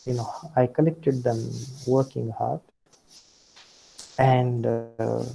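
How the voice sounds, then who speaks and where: A man giving a recorded lecture on pronunciation, speaking deliberately, repeating example words and often starting points with "See". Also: mid-range voice, flat delivery, creaky, mellow, poor audio.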